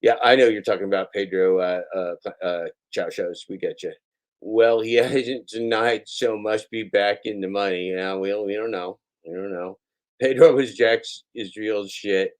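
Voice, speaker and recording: A man's voice: on the low side, fairly even intonation, moderate pace. A man hosting a live stream, reading out and answering chat comments in a sarcastic, mocking way.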